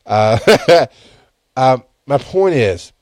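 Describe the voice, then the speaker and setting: A man's voice: mid-range voice, animated, very slow, no echo, clean studio sound. A man in his thirties hosting a casual solo podcast, talking bluntly with lots of swearing and rambling self-corrections. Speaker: podcast host. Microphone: headphones and studio mic.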